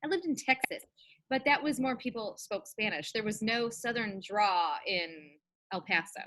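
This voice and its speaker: A middle-aged woman co-hosting a relaxed podcast. Her voice is bright and of medium pitch. She talks freely, laughs often and slips into little voices when she quotes people. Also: normal speed. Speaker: podcast co-host. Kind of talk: casual chat.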